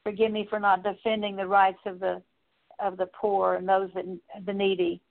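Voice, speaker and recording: A woman's voice: medium pitch, flat delivery, normal speed, gravelly. A woman leading an earnest, repetitive spoken prayer of confession, with occasional fillers. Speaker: prayer leader. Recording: tinny phone-like audio.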